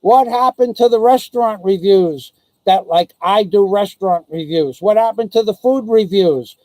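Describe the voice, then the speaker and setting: A man's voice: sits high, normal speed, mellow, no echo, rough recording. A man ranting angrily and profanely on his own live stream, taunting and threatening someone. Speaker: vlogger. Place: living in the Philippines.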